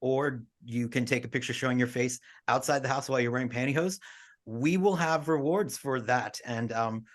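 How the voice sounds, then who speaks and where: A man's voice: mid-range voice, moderate pace. A man co-hosting a casual podcast, upbeat and talking with easy fillers and restarts. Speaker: podcast co-host.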